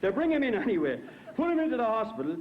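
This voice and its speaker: A man telling jokes on stage, animated and doing a voice for each character. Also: high-pitched, fast, slight background noise. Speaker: comedian. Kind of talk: stand-up joke telling. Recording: dull lo-fi 1980s TV recording.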